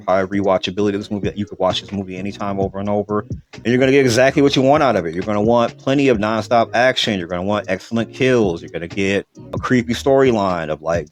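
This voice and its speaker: A man rattling through a movie review at high speed, rambling and emphatic, with casual swearing. His voice sits on the low side, and faint music plays under his talk. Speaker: podcast host and film reviewer.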